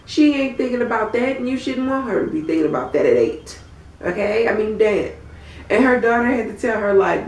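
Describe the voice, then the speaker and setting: A woman with a hoarse voice from a cold, giving a blunt, chatty recap of a TV episode. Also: on the low side. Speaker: TV episode reviewer. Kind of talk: casual recap commentary. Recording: roomy, from a distant mic.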